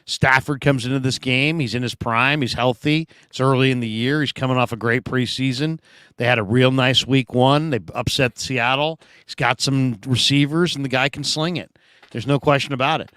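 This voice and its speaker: Chatty and playful, this football talk-show host reads fan messages aloud and tosses in asides. He speaks at a normal pace with a medium, fairly even, slightly bright voice that's clear and resonant, captured in a dry, studio-quality recording.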